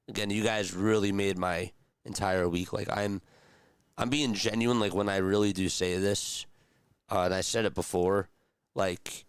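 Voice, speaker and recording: A young man calling a game play-by-play on a live stream, chatty and rambling between pitches and talking to his viewers. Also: fairly even intonation, normal speed, smooth, no echo. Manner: chatty, rambling asides between calls, talks to chat. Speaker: streamer doing radio-style play-by-play.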